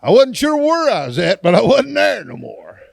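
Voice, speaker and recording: A man's voice: very high-pitched, huge pitch swings, normal speed, gravelly, dry recording. A man, an evangelist giving a testimony sermon in a church and acting out the dialogue in his story in a folksy way.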